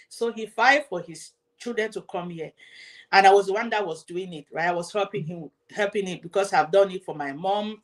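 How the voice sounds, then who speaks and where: Emotional woman telling her own story. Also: lowish voice. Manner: emotional, repetitive, addresses the audience directly. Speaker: host. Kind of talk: personal storytelling to viewers.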